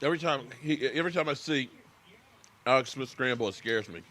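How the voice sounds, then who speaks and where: A man's voice: medium pitch, fairly quick, bright, forceful tone. An American man hosting a casual live sports reaction stream, chatting with viewers by name and talking while he eats.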